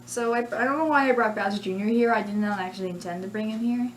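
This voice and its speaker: A woman's voice: medium pitch, fast, slight background noise. A woman hosting a casual vlog at home, talking hesitantly with lots of giggles and fillers. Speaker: channel host. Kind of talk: casual vlog about doing character voices.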